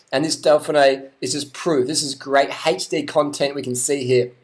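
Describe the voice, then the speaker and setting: A man giving casual, crude and excitable commentary over race highlights, joking freely as he goes. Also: normal speed, few pauses, roomy sound. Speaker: cycling commentator.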